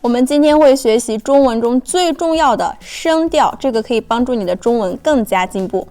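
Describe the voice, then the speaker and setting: A woman whose first language is Chinese, slowly repeating each word three times in a pronunciation lesson. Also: fairly high pitch, lively intonation, warm tone, faint music behind. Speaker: Chinese teacher. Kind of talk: slow, careful pronunciation drills.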